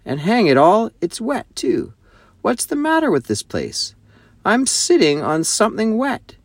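An eager, bossy schoolboy exclaims in a raised, animated voice, done by a man reading aloud. He sounds hearty and sure of himself. The recording is dry and close. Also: high voice, unhurried, gravelly, no room sound, pitched above the performer's own voice, full character voice. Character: eager bossy English schoolboy, eldest child.

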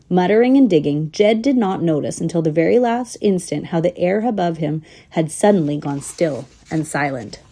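A woman narrating a children's storybook in an expressive, playful way, at times dropping to a whisper. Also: lowish voice, gravelly.

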